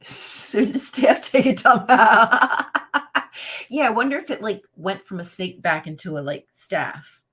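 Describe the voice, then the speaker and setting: A woman's voice: mid-range voice, expressive, measured pace, fairly bright tone, husky. A woman hosting a live stream, reading a children's Bible storybook aloud and breaking off into sassy, profane asides to her chat. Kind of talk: casual reading with rant commentary to live chat.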